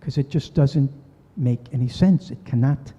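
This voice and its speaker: A man's voice: medium pitch, normal speed, mellow, breathy edge. An older man giving a talk, telling a story earnestly and voicing the people in it. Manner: earnest, voices quoted people. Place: synagogue hall. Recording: dull recording in a reverberant hall.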